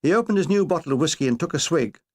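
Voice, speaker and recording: A man reading a comic war memoir aloud in a wry, deadpan way. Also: on the high side, rapid-fire. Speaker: narrator.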